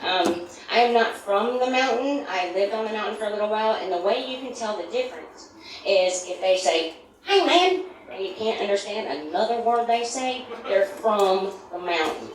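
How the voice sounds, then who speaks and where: A woman's voice: medium pitch, normal speed. A middle-aged woman from the United States doing a stand-up comedy set, rambling through self-deprecating asides. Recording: echoey room from far, noisy.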